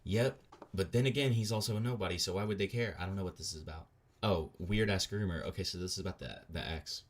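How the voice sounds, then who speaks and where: A man's voice: deep voice, fast. A man giving casual, sarcastic reaction commentary with crude slang and frequent fillers. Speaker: online commentator.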